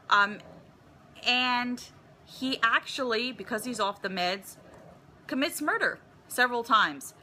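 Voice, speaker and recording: Chatty woman reviewing movies, bright voice. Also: fairly high pitch, a little hiss or hum. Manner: chatty, rambling with fillers and restarts.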